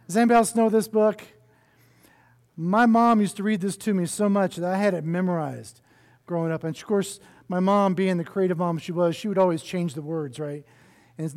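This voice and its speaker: A male pastor delivers a sermon in a fairly high voice, telling a story with animated, chatty asides to the congregation. His voice rings out through a church sanctuary with a long reverb tail. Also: a little fast.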